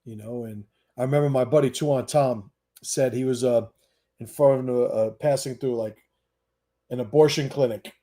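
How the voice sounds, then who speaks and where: A middle-aged host runs a livestream Q&A monologue in a mid-range, mellow voice, keeping a steady tone at a normal speed. He's blunt and emphatic, swears often and frequently restarts his sentences.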